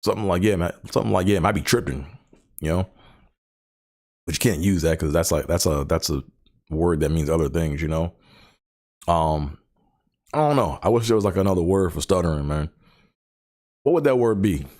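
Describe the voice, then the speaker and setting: A man's voice: low-pitched, expressive, normal speed, pauses often, darkish tone. A man hosting his own show, talking casually and rambling about stuttering, with many fillers, repeated words and the stutter he lives with. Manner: person who stutters. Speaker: podcast host. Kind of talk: casual solo chat.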